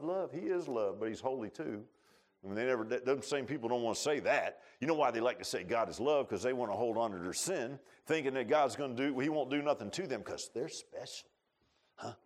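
A man preaching a sermon in a folksy way, rising to loud pleading and dropping to low asides. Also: animated. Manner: acts out quotes with drawn-out voices.

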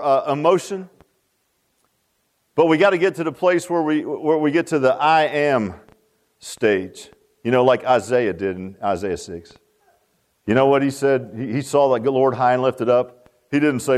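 A man preaching a sermon, emphatic, with dramatic swings in pitch.

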